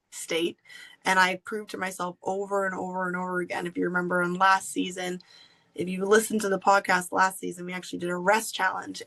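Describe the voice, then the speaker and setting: Woman, podcast host, personal storytelling, candid, animated, frequent laughter, mid-pitched voice. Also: rough recording.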